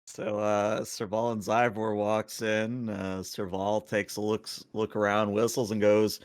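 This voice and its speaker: A relaxed man narrates his characters' actions in a tabletop game. His voice sits low and easy. The recording is close and dry. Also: unhurried, hardly any pauses, clean tone, no room sound. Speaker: player.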